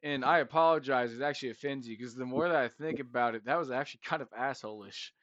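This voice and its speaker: A man's voice: mid-range voice, fast, fairly bright tone, dry recording, lo-fi sound. A man hosting a casual podcast on a headset, brash, crude and teasing. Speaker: podcast host. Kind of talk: casual chat.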